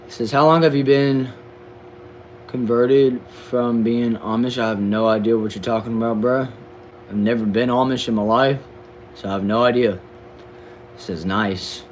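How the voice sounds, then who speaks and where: A man's voice: on the low side, a little hiss or hum, rough recording. A young man with a Southern accent from Texas, casually reading viewers' comments on a livestream in a slangy, laid-back way, often stumbling over and repeating words. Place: back shed.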